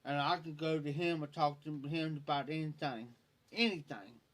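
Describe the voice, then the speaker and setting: A man's voice: a little high, moderate pace. A man hosting a live stream, telling a personal story in a rambling way, often repeating himself and quoting what others said. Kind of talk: casual storytelling.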